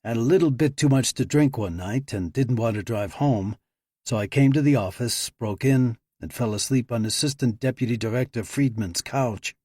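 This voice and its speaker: A man's voice: mid-range voice, moderate pace, warm tone, breathy edge, no room sound, clean studio sound, close to an everyday voice. A man voicing a young male lockpicker who talks casually with a challenging edge.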